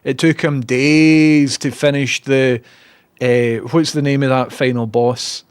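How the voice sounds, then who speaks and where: Rambling streamer, sweary and casual. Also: male voice, medium pitch, steady tone, takes it slowly, clear, resonant tone, no echo, clean studio sound. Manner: rambling, sweary, self-mocking. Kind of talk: casual chat.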